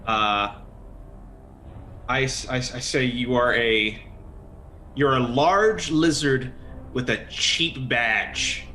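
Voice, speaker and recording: A man's voice: medium pitch, slow pace, long pauses, sharp tone, a little hiss or hum. A man playing a tabletop game, explaining his actions hesitantly, with many fillers. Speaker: player.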